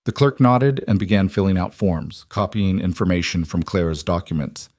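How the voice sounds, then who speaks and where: Man narrating a western audiobook, low voice, dry close sound. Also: moderate pace, hardly any pauses, a little mellow, dry recording.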